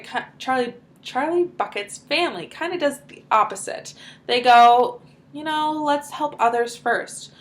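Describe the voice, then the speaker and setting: Chatty woman teacher recapping a story. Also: fairly high pitch. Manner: casual and chatty with her students. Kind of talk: read-aloud lesson with recap.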